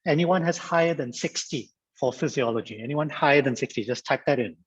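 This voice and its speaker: Man, guest trainer on a video call, husky, lo-fi sound, playful auctioneer-style patter. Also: medium pitch, fairly quick. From Singapore. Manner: lively, repeats phrases, auctioneer-style banter. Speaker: guest speaker at a mediation training. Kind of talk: interactive online lecture.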